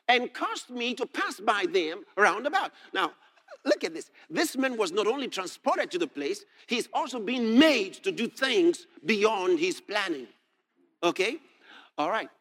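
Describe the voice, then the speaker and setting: High, lively preacher swinging to shouts. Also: male voice, moderate pace. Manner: swings from quiet musing to loud shouted proclamation. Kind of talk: sermon, reading and expounding scripture.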